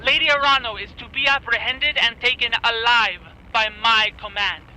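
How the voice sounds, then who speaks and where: A woman's voice: a little high, steady tone, moderate pace, sharp tone, a little hiss or hum, poor audio. A woman voicing an imperious young noblewoman in a video game, giving commands to her troops in a Spanish accent. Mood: commanding.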